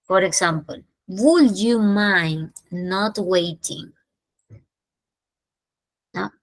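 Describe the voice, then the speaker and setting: A woman with a Peruvian Spanish accent teaching an English lesson, mixing Spanish explanations with slowly drawn-out English example sentences. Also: mid-range voice, no echo, rough recording.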